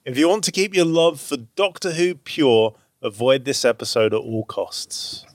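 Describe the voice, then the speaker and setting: A man hosting a podcast, reading out fan reviews in a dry, deadpan way during casual banter. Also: medium pitch, normal speed, dry recording.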